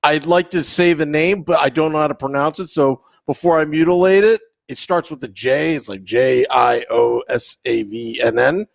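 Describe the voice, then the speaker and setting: A man's voice: a little high, moderate pace, creaky, few pauses, dry recording, clean studio sound. A man co-hosting a fan podcast, chatting loosely and rambling through announcements. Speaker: podcast co-host. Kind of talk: casual podcast chat.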